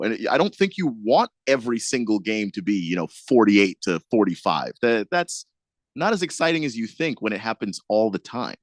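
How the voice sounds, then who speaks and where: Low, lively male radio co-host. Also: no room sound, studio quality. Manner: laughs easily, lively banter. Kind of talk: sports talk radio.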